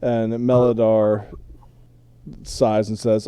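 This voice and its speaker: A man's voice: fairly low pitch, unhurried, warm tone, clean tone, dry recording. A man narrating as game master of a tabletop role-play game, describing what characters do.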